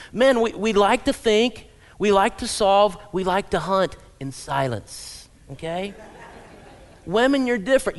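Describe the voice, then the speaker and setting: A man pastor preaching a sermon in a church auditorium, telling humorous stories and acting out quotes. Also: sits high. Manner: humorous storytelling, acts out quotes.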